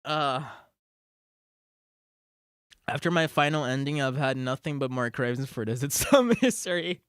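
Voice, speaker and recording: An excitable game streamer giving live-stream commentary, thinking aloud, swearing and laughing between words. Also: mid-range voice, measured pace, smooth, no echo, studio quality.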